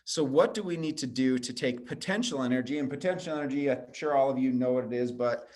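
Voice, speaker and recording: A man's voice: mid-range voice, fast talker, darkish tone. Earnest man giving a motivational talk. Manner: earnest, persuasive, addresses listeners directly. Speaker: guest speaker. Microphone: video call.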